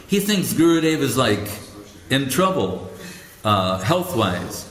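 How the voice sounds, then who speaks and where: A man, a spiritual teacher hosting a talk show, telling stories in a casual, animated way and laughing often. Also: medium pitch, measured pace. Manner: animated, laughing, chatty with fillers. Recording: roomy echo.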